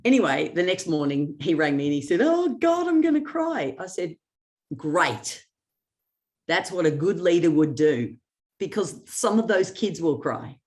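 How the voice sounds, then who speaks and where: Low-voiced woman giving a motivational workshop. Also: unhurried, a little mellow. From Australia. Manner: storytelling with acted quotes and sarcasm; laughs often. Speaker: workshop presenter.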